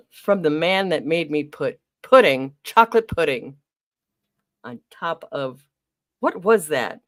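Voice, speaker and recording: Livestream host, female; deep-ish, laughs easily, greets chat by name, close and dry. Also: animated, takes it slowly, long pauses, no echo. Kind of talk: casual live-stream chat.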